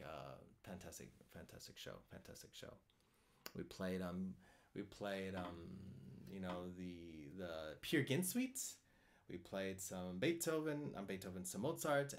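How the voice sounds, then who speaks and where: A low-voiced man chats to his live-stream viewers about cello, his pitch swinging up and down a lot as he talks. He rambles easily, repeating words while he gathers his thoughts, and he reads out comments before answering them. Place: home in France.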